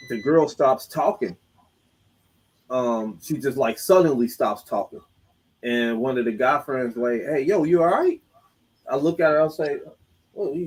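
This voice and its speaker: A man's voice: mid-range voice, low-quality recording. A man co-hosting a podcast, telling a story in loose, joking, slangy talk. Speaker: podcast co-host. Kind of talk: casual chat.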